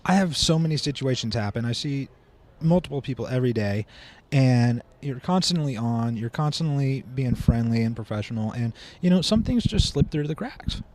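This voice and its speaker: Male guest, drum teacher, mid-pitched, animated storyteller who acts out quotes. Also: normal speed, hardly any pauses. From Seattle, Washington. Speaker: podcast guest, drum instructor. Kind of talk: casual podcast chat.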